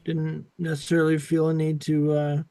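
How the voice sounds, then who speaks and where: A man speaking as a player in a tabletop game, relaxed and a little hesitant. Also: on the high side, normal speed, dry recording. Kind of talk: casual tabletop play.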